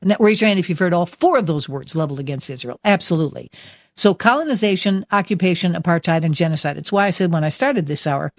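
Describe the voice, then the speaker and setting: A woman's voice: on the low side, animated, fast talker, no room sound, studio quality. A woman hosting a talk radio show, speaking emphatically and with enthusiasm as she introduces a guest. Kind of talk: talk radio monologue and interview.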